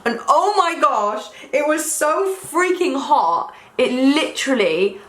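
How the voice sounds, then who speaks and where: A woman's voice: high voice, expressive, slow pace, fairly bright tone. A young woman chatting casually to camera while doing her makeup, rambling and self-deprecating. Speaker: beauty vlogger. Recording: echoey room.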